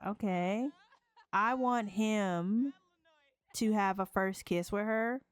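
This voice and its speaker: A woman narrating a life-sim game let's play in a slangy, playful, animated way. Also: mid-range voice, slow, clear, resonant tone, dry recording.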